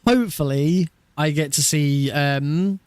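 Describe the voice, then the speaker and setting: A man's voice: on the high side, a little slow, darkish tone, clear, resonant tone, no room sound. A man chatting casually on a live stream while practicing a speedrun, laughing often and swearing offhandedly.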